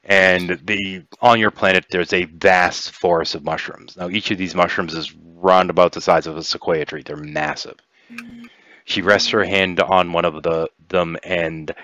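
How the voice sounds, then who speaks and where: A man's voice: deep voice, steady tone, normal speed, sharp tone, no echo, muffled recording. A man narrating as game master of an online tabletop role-playing game. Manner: narrates, then voices characters in quotes.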